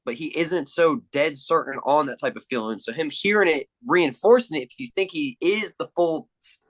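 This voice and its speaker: A man's voice: fairly high pitch, normal speed, low-quality recording. A young man as a podcast guest, chatting casually and retelling movie scenes with lots of swearing. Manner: animated storyteller, acts out quotes, swears a lot. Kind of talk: casual chat.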